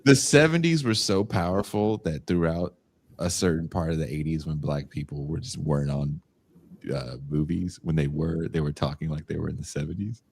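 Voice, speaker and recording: A man's voice: rumbling low, normal speed, creaky, slightly rough. A man co-hosting a podcast in a casual, joking chat. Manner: jokey, slips into put-on voices. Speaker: podcast co-host.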